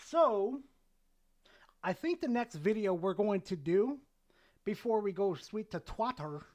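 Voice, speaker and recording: A streamer telling a story to chat in a casual, animated way, swearing a lot. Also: medium pitch, unhurried, no room sound.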